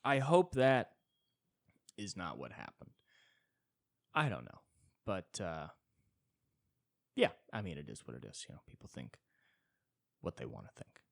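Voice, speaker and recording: A man's voice: extremely low pitch, big pitch swings, unhurried, creaky, long pauses, fairly bright tone, no echo, studio quality. A man from the Southern California suburbs, rambling through a solo podcast monologue, tired and yawning, self-deprecating and cursing as he acts out what others say. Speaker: podcast host.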